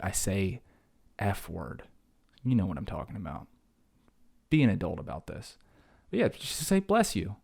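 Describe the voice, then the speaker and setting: A man's voice: sits low, gravelly, a little mellow. A man hosting his own podcast, rambling in a casual, jokey way and talking himself down from rants. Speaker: podcast host. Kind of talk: casual solo podcast monologue.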